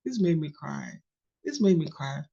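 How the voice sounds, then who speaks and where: A woman's voice: low-pitched, sing-song, moderate pace, creaky, dark tone, lo-fi sound. A woman leading a book study coaching call, repeating key phrases for emphasis.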